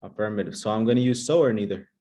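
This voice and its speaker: A man playing an English teacher, calling on students and giving brisk, upbeat praise. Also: fairly low pitch, dark tone. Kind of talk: playful classroom sketch.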